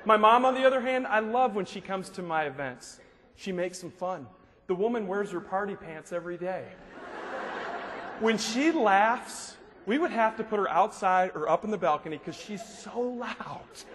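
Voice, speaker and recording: A man's voice: sits high, moderate pace. A man giving a humorous motivational speech, telling jokes and stories to a live audience in a large hall. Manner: joking, animated storyteller. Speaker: motivational speaker. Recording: long hall reverb, faint noise.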